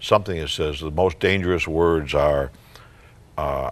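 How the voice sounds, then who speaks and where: A man's voice: extremely low pitch, unhurried. An older man, a psychologist guest on a talk show, giving parenting advice in a folksy, joking way.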